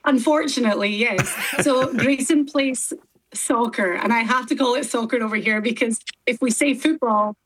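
A Scottish woman in her thirties, chatting as a guest over a remote link in a lively way. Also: on the high side, normal speed, husky, no room sound, low-quality recording. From Scotland. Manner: chatty and animated. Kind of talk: casual chat on a remote link.

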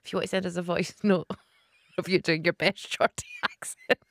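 A woman's voice: on the low side, steady tone, a little fast, dry recording. A woman hosting a radio show, chatting casually, laughing often and reading out listener messages on a studio mic. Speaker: radio host. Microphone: studio microphone.

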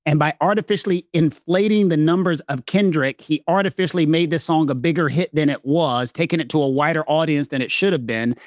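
A man, a guest expert, walks a listener through a legal case. His voice sits fairly high for a man and he speaks easily and at length. The sound is dry and close. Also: brisk, hardly any pauses, dry recording. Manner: relaxed, explains at length. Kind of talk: explanatory conversation.

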